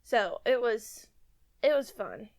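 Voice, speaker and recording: A woman retelling her own hunting story on a podcast, with frequent laughs and an animated manner. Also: fairly high pitch, takes it slowly, creaky. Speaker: podcast guest and cohost. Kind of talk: casual storytelling chat.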